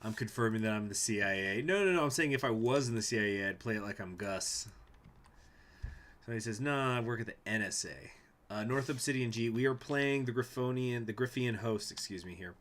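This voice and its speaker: A man's voice: mid-range voice, brisk, fairly bright tone. A man streaming a strategy game from home, reading event text aloud and rambling to his chat with jokey asides. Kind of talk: casual gameplay commentary, reading event text.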